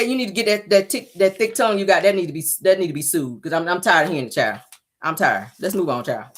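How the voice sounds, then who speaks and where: A woman's voice: low voice, a bit bright. A woman hosting a gossip vlog, scolding and mocking her target in a sassy voice and repeating her jabs. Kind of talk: sassy reality-TV gossip commentary.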